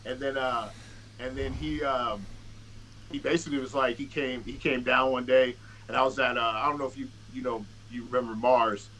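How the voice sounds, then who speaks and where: A rapper appearing on a podcast tells long, profane anecdotes in casual conversation, restarting sentences, piling on fillers, and acting out what other people said. His mid-range voice is fairly bright with fairly even intonation at a normal speed. The audio is poor, with slight background noise.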